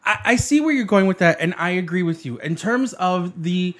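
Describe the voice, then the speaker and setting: A man arguing his side in a casual debate, animated, profane and defensive, with frequent restarts. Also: sits high, normal speed.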